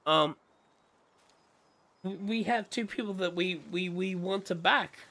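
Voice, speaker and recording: An unhurried man with a high-sitting voice rants heatedly about wrestling on a casual gaming stream. He animatedly mimics the reactions of others.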